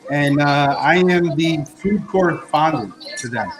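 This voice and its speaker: A man's voice: a little high, measured pace, poor audio. A man on a live stream chatting casually as a guest food correspondent, talking through dishes with lots of ums and uhs. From Florida. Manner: rambling, filler-heavy, describes food while eating.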